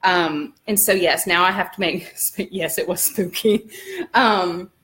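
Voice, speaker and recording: A woman from the American South chats brightly into her camera at home. Her Southern accent is easy and relaxed, and her talk wanders with lots of "um"s. It sounds like a casual home vlog. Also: fairly low pitch, slow pace. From Alabama, US. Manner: chatty and upbeat, many "um"s. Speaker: vlogger. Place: home living room.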